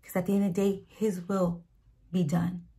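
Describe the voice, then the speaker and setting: A woman's voice: lowish voice, level tone, normal speed, mellow. A woman speaking casually to a camera about faith, in a slangy and emphatic way that repeats key lines. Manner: conversational, slangy, emphatic repetition. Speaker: Christian video speaker. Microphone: camera mic.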